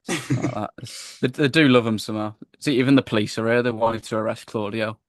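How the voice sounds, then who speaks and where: A man co-hosting a casual wrestling review podcast, chatty and animated as he retells the show. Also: mid-range voice, fast, no room sound, clean studio sound. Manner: chatty, animated when acting out wrestlers, frequent "I was like". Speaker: podcast co-host.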